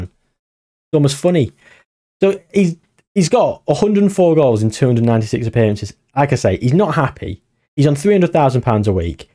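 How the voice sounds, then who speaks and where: Animated man narrating gameplay. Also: mid-range voice. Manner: animated, exclaiming, addresses viewers as gang. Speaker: gaming YouTuber. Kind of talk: casual gameplay commentary.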